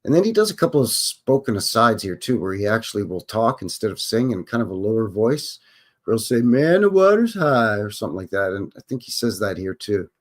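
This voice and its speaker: A man's voice: lowish voice, expressive, fast, few pauses. A man hosting a live stream, reading song lyrics aloud and explaining them in a chatty, casual way. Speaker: host.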